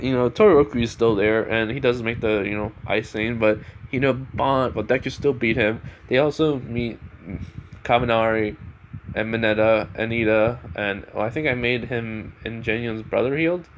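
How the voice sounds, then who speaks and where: A man's voice: medium pitch, normal speed, lo-fi sound, a little hiss or hum. A man casually retelling his fan story at home, rambling with many restarts. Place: home room with a fan running.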